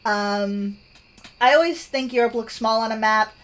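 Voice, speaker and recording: A woman's voice: fairly high pitch, unhurried. Woman, Canadian accent, game streamer, loose thoughtful rambling chat. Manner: rambling, thoughtful, many fillers and restarts. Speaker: gaming streamer. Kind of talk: casual chat while playing a game.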